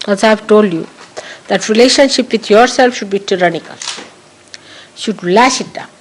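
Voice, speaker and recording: A woman's voice: mid-range voice, normal speed, slight background noise, rough recording. Emphatic woman giving a spiritual talk. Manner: emphatic, repeats key phrases for stress. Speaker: spiritual teacher. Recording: 1982 archive recording of a talk.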